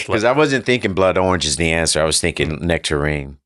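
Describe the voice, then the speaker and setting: A man's voice: sits low, lively intonation, a little fast, fairly bright tone, no echo. A man guesting on a comedy podcast, rambling and laughing as he fumbles for words, on a studio mic. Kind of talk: casual comedic chat.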